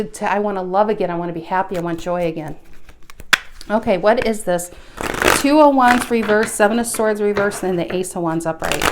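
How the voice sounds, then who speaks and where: Woman doing a tarot reading, chatty, bit breathless, mid-pitched voice. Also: noisy background. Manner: chatty, restarts often, animated bursts. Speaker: tarot reader.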